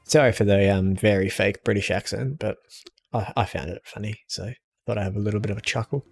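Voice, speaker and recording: A young man streaming a game and chatting casually with viewers in a relaxed, easygoing way. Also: on the low side, a little fast, vocal fry, husky. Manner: relaxed, chatty, answers chat with small laughs. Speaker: gaming streamer.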